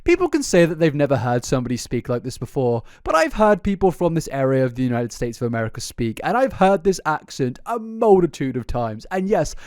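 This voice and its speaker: A man narrating casual commentary with a lively, swooping delivery that rises and falls a lot. His voice sits a little high for a man. The close mic sounds dry, with no room around it. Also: a little fast, few pauses, clean tone, no room sound. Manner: animated, stumbles over names, laughs now and then. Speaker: YouTube commentary host.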